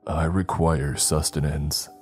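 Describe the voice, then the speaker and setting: A man voicing an ancient nameless being in a wall, with a deep, raspy voice and a slow, formal, curious manner. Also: level tone, a little mellow, soft background music. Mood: eerie, calm.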